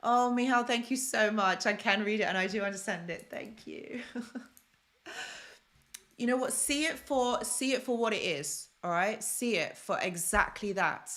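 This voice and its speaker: A London-born woman hosts a self-help live stream, giving casual coaching talk in a chatty way, reading out viewer comments and repeating phrases for emphasis. Her voice is medium-pitched and fairly bright, and she speaks a little slowly.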